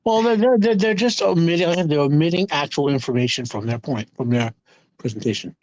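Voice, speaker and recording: A man co-hosting a casual trailer reaction, blunt and wry with deadpan jokes. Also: a little high, a little fast, no echo, muffled recording.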